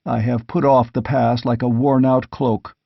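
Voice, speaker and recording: A man voicing a nervous, fearful wealthy merchant who speaks in anxious, hushed pleading tones, in an audiobook reading. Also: medium pitch, little pitch movement, a little slow, creaky, dry recording. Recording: dull, dry lo-fi audiobook recording.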